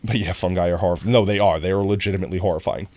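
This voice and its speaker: A live streamer chatting casually to viewers while playing, goofy and rambling, often breaking into high laughter. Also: fairly even intonation, rapid-fire, mellow. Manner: talks directly to chat. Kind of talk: casual gameplay stream chat.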